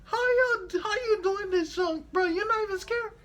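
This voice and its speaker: A woman's voice: normal speed, a little hiss or hum. A young man squealing as a scared teen girl. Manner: squealing, high falsetto. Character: frightened teenage girl on a ride.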